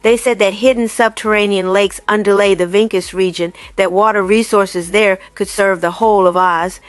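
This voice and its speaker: A woman narrating a novel aloud in a steady, even reading voice. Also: mid-range voice, normal speed, no room sound. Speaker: reader. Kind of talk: audiobook narration.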